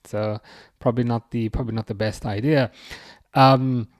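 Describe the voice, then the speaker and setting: A young man chats his way through a live football watch-along, reading viewer comments aloud. He rambles and jabs at rivals in a mocking tone, with plenty of fillers. His voice sits at an ordinary middle pitch and sounds dry and close to the mic. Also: fairly even intonation, normal speed, no room sound. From England. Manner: rambling, chatty and mocking, with many fillers and restarts. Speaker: livestream host.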